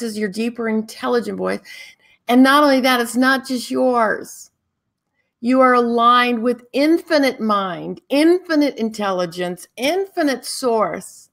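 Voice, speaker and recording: A woman hosting a spiritual talk show, guiding listeners in a calm, drawn-out, meditative way. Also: a little high. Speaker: spiritual teacher and show host.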